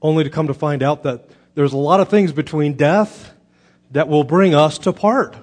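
A man's voice: fairly high pitch, moderate pace. A man in his thirties preaching a sermon as pastor, telling stories earnestly with frequent restarts.

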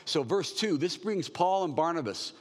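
A man's voice: on the high side, lively intonation, normal speed, long reverb tail. A man in his sixties preaching a verse-by-verse sermon in a conversational, joking way. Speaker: pastor.

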